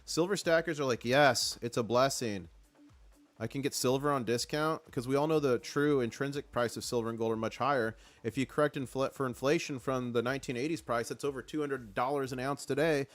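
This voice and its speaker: A man hosting a casual live stream with excited market commentary, rallying his chat and reading out their comments. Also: medium pitch, a little fast, soft background music.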